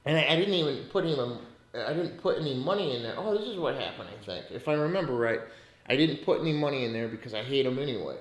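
A man's voice: mid-range voice, animated, quick pace, echoey room. A man hosting a casual podcast about money, talking bluntly and ranting with lots of swearing. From United States. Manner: profane and blunt, rants in bursts. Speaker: podcast host.

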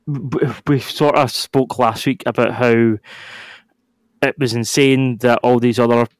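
A man's voice: medium pitch, fairly even intonation, no room sound. Scottish man, dry close sound. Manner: talks through news items in a measured, explaining way. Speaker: podcast co-host. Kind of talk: casual chat.

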